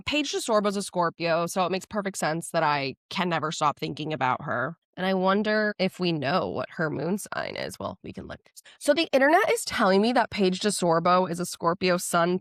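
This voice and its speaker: A young woman hosting a casual solo podcast, gushing and animated, chatting with lots of likes. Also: on the low side, moderate pace, few pauses, dry recording, clean studio sound. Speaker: podcast host. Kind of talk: casual solo podcast chat about astrology.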